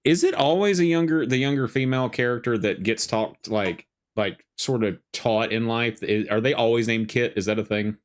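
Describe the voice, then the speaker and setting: A man's voice: medium pitch, normal speed, hardly any pauses. A man co-hosting a podcast, chatting casually while watching a movie and telling rambling jokes and stories. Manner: rambling, joking storyteller. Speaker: podcast co-host.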